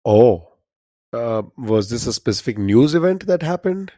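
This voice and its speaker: Male trivia co-host, relaxed and chuckling, warm tone, dry close sound. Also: medium pitch, a little slow, dry recording. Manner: laughs often, easygoing. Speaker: podcast co-host. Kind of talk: casual trivia chat.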